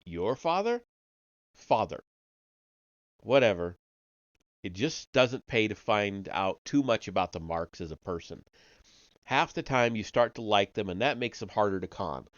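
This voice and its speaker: A man's voice: fairly low pitch, expressive, normal speed, no echo, highs cut off. A man reading a science-fiction story aloud on a live stream, in a casual first-person way with slips and restarts. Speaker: host reading stories aloud.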